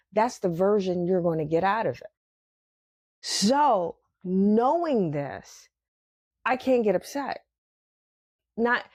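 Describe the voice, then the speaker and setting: A woman's voice: medium pitch, warm tone, no echo. A woman hosting a podcast, speaking in a reflective spiritual monologue and acting out her inner voices with bursts of laughter. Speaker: podcast host.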